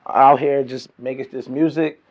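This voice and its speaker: A man's voice: medium pitch, fairly even intonation, normal speed, a little mellow, highs cut off. A man from Boston, an R&B artist, introducing himself in a confident, breezy way.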